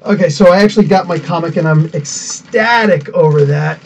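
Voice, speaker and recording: Hosting a live podcast, this man talks casually at a moderate pace in a voice on the high side, rambling and welcoming viewers by name. The audio is dull with slight background noise, and the mic sits somewhat far away.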